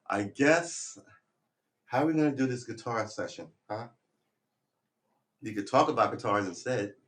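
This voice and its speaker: Casting: male streamer, lowish voice, loose rambling chat, firm with the dog. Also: fairly bright tone. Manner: rambling, talks to his dog, firm commands. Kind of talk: casual live-stream chat.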